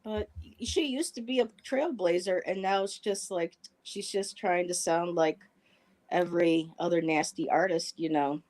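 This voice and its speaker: A woman with a somewhat low voice joins a relaxed live-stream chat as a guest. She tells stories with animation, stopping now and then to search for a word, heard through a plain home webcam mic. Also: unhurried. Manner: animated storyteller, searching for words. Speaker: guest reader.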